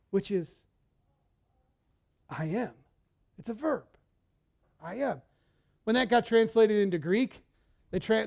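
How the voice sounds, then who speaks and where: A male pastor preaching a sermon in a church, talking in a conversational, animated way and often repeating words as he goes. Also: high-pitched, vocal fry.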